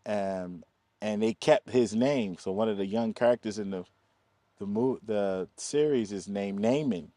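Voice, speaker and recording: Man from telling lively stories. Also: fairly low pitch, a little slow, no room sound. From East Baltimore, USA. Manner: animated, acts out quoted voices, laughs often. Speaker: film producer, guest. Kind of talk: casual interview storytelling.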